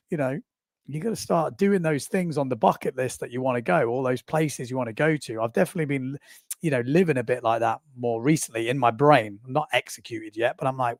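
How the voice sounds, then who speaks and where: A man's voice: medium pitch, animated, brisk, no echo, clean studio sound. A man in his forties hosting a casual livestream, chatting and rambling with self-amused asides while running through results. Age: 40s. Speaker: livestream host. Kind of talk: casual live commentary.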